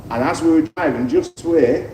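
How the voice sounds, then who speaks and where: A man's voice: fairly high pitch, brisk, a little mellow. A man, a former footballer, giving a heartfelt, repetitive speech on an outdoor festival stage. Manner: heartfelt, repetitive, rising to impassioned. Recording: echoey outdoor PA, distant, noisy crowd.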